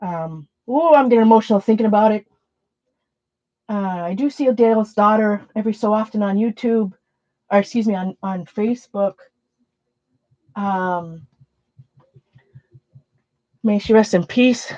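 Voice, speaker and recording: A woman's voice: mid-range voice, a little slow, pauses often, a little mellow, no room sound, muffled recording. A woman casually chatting on her art livestream, rambling and questioning herself with many restarts. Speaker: art journaling streamer. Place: home art room with shelves.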